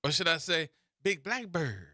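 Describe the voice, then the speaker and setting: Bright, lively New radio host. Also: male voice, a little high, moderate pace, no echo, studio quality. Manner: playful, teasing storyteller. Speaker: radio talk show host. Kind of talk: casual radio talk.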